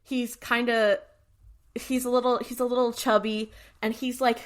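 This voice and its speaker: A woman co-hosting a podcast, retelling episodes in casual chat and acting out quick character voices. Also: fairly high pitch, little pitch movement. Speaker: podcast co-host.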